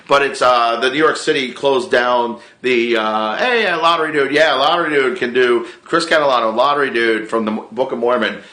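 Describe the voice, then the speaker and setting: A man's voice: mid-range voice, roomy sound. A man who acts and does improv, chatting casually to camera. He rambles, restarts his sentences, swears freely and gets worked up as he talks. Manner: rambling, excitable, swears a lot, frequent restarts. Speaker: vlogger and improv actor.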